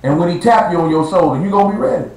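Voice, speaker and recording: A man with a high, animated voice and a darkish tone preaches very fast in an echoey live-stream room. Before a small gathering, his blunt, slangy street sermon draws out words to make them land.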